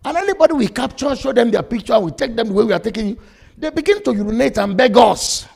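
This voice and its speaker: A man's voice: extremely high pitch, lively intonation, fast talker, vocal fry, darkish tone, pitched above the performer's own voice, heavily acted. A man voicing a male hired assassin leader who speaks in blunt, matter-of-fact threats.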